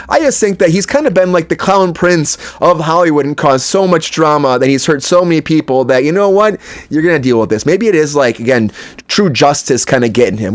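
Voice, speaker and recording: A man hosting an entertainment news show, giving casual, opinionated commentary with frequent asides to his viewers. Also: fairly high pitch. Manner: chatty, opinionated, lots of fillers and asides to viewers.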